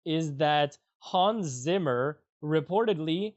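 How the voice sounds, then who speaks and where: A man's voice: a little high, animated, slow pace. Upbeat young man co-hosting, lo-fi. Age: young adult. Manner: joking, upbeat, laughs often. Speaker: podcast co-host. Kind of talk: casual chat. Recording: dull lo-fi podcast audio.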